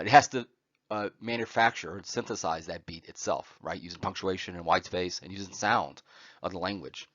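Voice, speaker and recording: A man giving a recorded poetry lecture over slides, often pausing on "uh" and checking in with "right?". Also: low-pitched, a bit bright, dry recording, dull audio. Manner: frequent "uh" fillers and "right?" check-ins.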